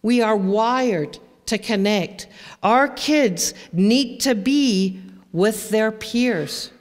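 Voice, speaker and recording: Slow, emphatic woman in a hall. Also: a little high. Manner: emphatic, animated storytelling with asides. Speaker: presenter on teen brain development for parents. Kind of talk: presentation to an audience. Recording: reverberant hall.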